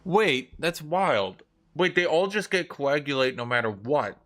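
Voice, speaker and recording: Lively, bright-voiced young male streamer. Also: on the high side, a little slow. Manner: talks to chat, wry, exclaims and trails off. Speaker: game streamer. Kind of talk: casual gameplay commentary.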